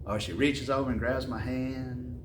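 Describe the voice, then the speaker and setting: Animated man preaching in a roomy hall. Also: medium pitch, moderate pace, slight background noise. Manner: animated, repeats words, chuckles, slangy asides. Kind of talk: casual sermon storytelling. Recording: roomy and distant with faint ambience.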